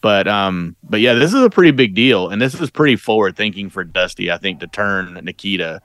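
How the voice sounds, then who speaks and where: A middle-aged man co-hosting a podcast, musing thoughtfully about old wrestling with halting fillers. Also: on the low side, lively intonation, a bit bright, no echo. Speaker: podcast co-host.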